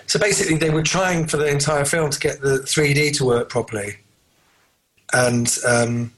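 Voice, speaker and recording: A man's voice: a little high, steady tone, moderate pace, fairly bright tone, poor audio. A man co-hosting a casual film podcast, rambling through trivia with many fillers and restarts. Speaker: podcast co-host.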